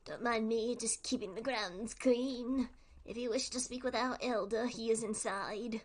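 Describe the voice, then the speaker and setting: A woman reading aloud the lines of welcoming temple cats in a game, in a formal, measured way. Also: fairly high pitch, fairly even intonation.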